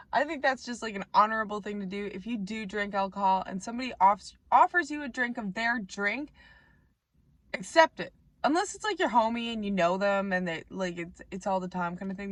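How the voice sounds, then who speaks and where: A young woman with a naturally raspy voice, rambling and joking about herself in a casual vlog. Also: mid-range voice, a bit bright, dry recording. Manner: rambling, chatty, self-mocking. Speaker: vlogger. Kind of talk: casual chat to camera. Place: Canada.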